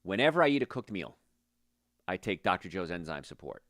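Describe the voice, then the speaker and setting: Middle-aged man, low voice, dry close sound, folksy rambling health talk, sales pitch. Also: big pitch swings, fairly quick, fairly bright tone, dry recording. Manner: folksy, rambling, goes off on tangents. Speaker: health practitioner and show host.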